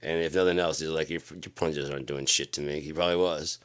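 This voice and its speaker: A man's voice: a bass voice, fairly even intonation, fast, fairly bright tone. A middle-aged man rambling through a profane, casual late-night story, acting out the other people's voices. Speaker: channel host telling a story.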